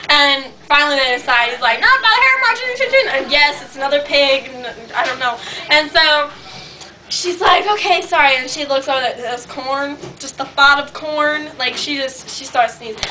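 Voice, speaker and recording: High-voiced woman rambling a silly tale. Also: bright, forceful tone. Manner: rambling, giggly, chatty. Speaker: improvising storyteller. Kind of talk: improvised comic storytelling. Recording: distant mic, noisy home video.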